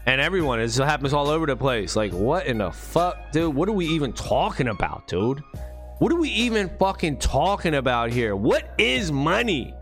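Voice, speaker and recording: Profane slangy male ranter, high voice, faint music behind. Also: very animated, normal speed, fairly bright tone. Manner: profane, slangy, rambling and emphatic. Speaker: vlogger on money and bitcoin. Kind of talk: unscripted monologue rant.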